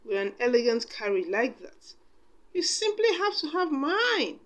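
A woman voicing a kind old fairy godmother in a storybook reading, gentle and warmly commanding. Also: high-pitched, big pitch swings, a little slow, pitched above the performer's own voice.

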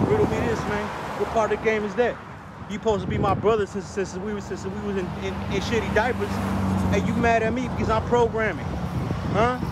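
A man ranting in a casual street vlog, heavy on slang and profanity, recorded outdoors on a city street. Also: high-pitched. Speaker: vlogger. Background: traffic and street noise.

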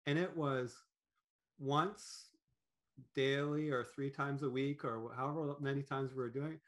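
A man talking as a podcast guest in an animated, rambling way, with many fillers and restarts. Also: mid-range voice, unhurried. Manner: animated, acts out quoted thoughts in voices. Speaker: podcast guest, business owner. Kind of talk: conversational interview.

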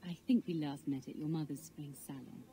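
A woman's voice: low voice, steady tone, brisk, warm tone, close to an everyday voice. An actress voicing a flirtatious, teasing noble lady in video game dialogue. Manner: teasing, genteel.

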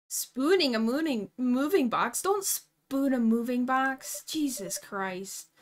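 A woman's voice: sits high, slow pace, few pauses. Giggly young woman streaming a game. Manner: excitable, giggly, talks to herself. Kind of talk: live game stream commentary.

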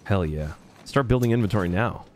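A man's voice: lowish voice, expressive, brisk, a little hiss or hum. Chatty young man streaming a game. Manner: chatty, thanks viewers by name, laughs often. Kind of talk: casual live-stream chat.

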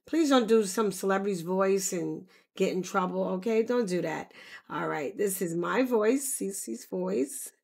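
A woman demonstrating software in a casual tutorial, bubbly and quick to exclaim. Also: mid-range voice, gravelly. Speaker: content creator demonstrating software. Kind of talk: casual screen-recorded tutorial.

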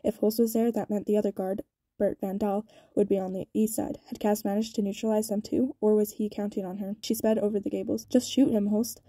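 A woman reading a novel aloud, quick, with small stumbles and restarts. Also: medium pitch, flat delivery, dark tone, no echo. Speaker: audiobook reader.

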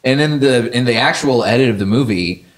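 A man's voice: mid-range voice, brisk. Man, podcast host, wry casual film chatter, loose and conversational. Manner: sarcastic, wry, talks with fillers and restarts.

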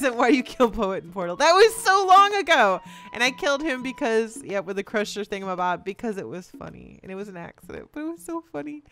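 A woman's voice: on the high side, a bit bright. A young woman chatting casually as a gaming YouTuber, reading out fan messages in a bubbly, giggly way. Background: faint game music.

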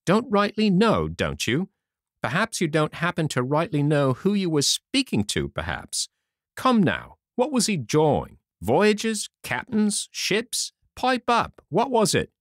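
A man putting on a bluff, loud one-legged pirate landlord for a storybook reading, his voice leaping up and down as he barks questions. Cunning and hearty, he rules his tavern with a big, swinging delivery, heard close and dry. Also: on the high side, huge pitch swings, moderate pace, hardly any pauses, dry recording, voice pushed up. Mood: stern.

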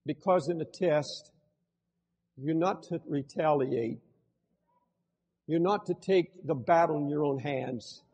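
A man's voice: fairly high pitch, slow pace, pauses often, a little mellow, husky. An older man preaching a fervent sermon as pastor, speaking directly to his congregation. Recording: long hall reverb.

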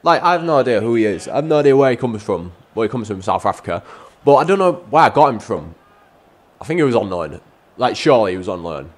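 A man giving casual, excitable commentary as he plays a football video game, calling out to his viewers as lads. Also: medium pitch, quick pace. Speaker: gaming YouTuber.

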